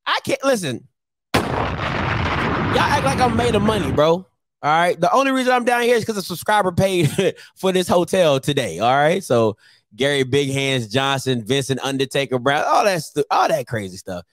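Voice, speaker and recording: Animated man in his thirties ranting. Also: a little high, moderate pace, no echo. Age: 30s. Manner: animated, slangy, laughing asides. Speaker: sports picks show host. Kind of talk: casual ranting to camera.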